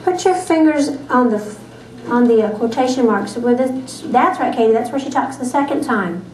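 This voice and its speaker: A woman teacher leading a small reading group of children, patient and encouraging and quick to praise. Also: fairly high pitch, darkish tone. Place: classroom. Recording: echoey classroom, distant mic.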